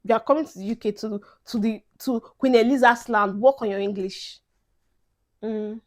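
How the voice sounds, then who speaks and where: Young Nigerian woman vlogger, emphatic and chatty, somewhat high-pitched, mixes in Pidgin. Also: normal speed. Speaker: vlogger giving advice to incoming students. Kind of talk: casual advice vlog.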